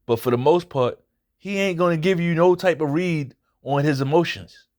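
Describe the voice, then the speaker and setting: A man's voice: a little high, normal speed, a little mellow. A man hosting his own boxing commentary channel, giving a casual fight recap. He talks bluntly and swears often, and he repeats his points for emphasis.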